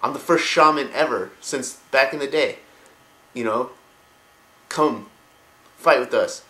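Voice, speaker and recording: A man's voice: medium pitch, unhurried, sharp tone, reverberant, low-quality recording. A man voicing a brash young male orc chieftain, talking cocky and profane.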